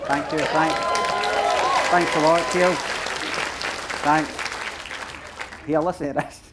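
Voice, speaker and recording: Man, Glaswegian accent, comedian, chatty self-mocking banter, higher voice, noisy live festival stage. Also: little pitch movement, slow, a loud crowd. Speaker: comedian reading his stories. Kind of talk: live comedy book reading. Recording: live stage mic, audience and room noise.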